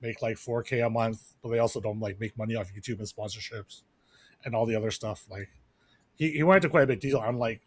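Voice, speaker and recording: A man co-hosting a podcast speaks a little fast in a fairly low, slightly rough voice, captured in a dry recording. His casual chat rambles, with many fillers and restarts.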